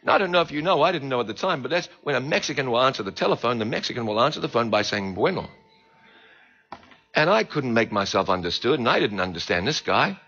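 A man with a New Zealand accent, a preacher telling his conversion story in an animated storytelling manner. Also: medium pitch, quick pace, hardly any pauses, breathy edge. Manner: animated, swings between hushed and loud. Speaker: preacher giving his testimony. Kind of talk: sermon storytelling. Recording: dull lo-fi recording.

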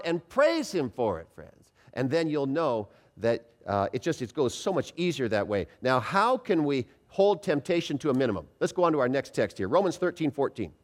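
A man preaching a sermon in a church, animated and calling on the congregation to answer him out loud. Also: on the high side, moderate pace. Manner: animated, calls for congregation responses.

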